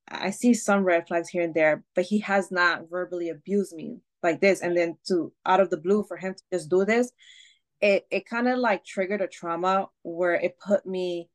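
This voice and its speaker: A woman guest on a podcast, telling a personal story candidly, with swearing, fillers and restarts. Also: fairly low pitch. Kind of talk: casual storytelling.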